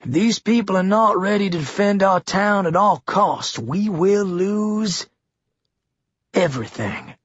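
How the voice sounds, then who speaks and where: Gravelly Georgia-twanged Governor, as a man puts him on. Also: high-pitched, expressive, measured pace, no echo, muffled recording, pitched above the performer's own voice, exaggerated voice. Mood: ominous warning. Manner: theatrical, exaggerated enunciation. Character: menacing one-armed male town leader, middle-aged.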